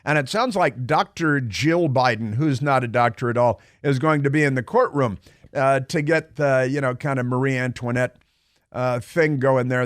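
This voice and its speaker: A man's voice: medium pitch, moderate pace, dry recording, studio quality. A man hosting a political talk radio show, delivering a sarcastic, rambling monologue full of fillers and restarts.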